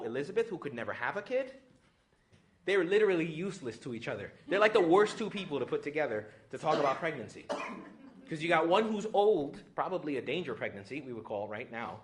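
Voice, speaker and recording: Animated joking male priest. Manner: animated and joking, acting out quoted voices with big pitch jumps. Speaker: priest leading a retreat talk. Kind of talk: retreat talk. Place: retreat venue with a live audience.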